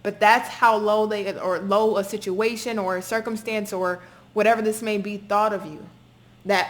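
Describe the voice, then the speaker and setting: A woman reading tarot for her viewers in a forceful, repetitive way. She drops casual swearing into the reading and talks at a middling pitch. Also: fairly even intonation, normal speed. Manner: emphatic, repetitive, swears freely. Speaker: tarot reader. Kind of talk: spoken tarot reading to camera.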